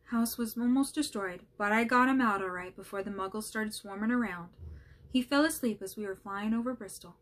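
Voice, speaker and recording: A woman reading aloud as a big, gruff, soft-hearted male half-giant who stammers and sobs. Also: mid-range voice, a little fast, natural voice. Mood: plain. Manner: tearful, sobbing and stammering. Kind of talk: audiobook reading.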